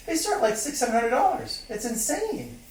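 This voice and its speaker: A man's voice: very high-pitched, big pitch swings, normal speed, a little mellow. A man from Las Vegas interviewing as a film critic, eager, chatty and self-deprecating, laughing often. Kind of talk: excited casual interview chat. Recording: roomy sound from a distant mic.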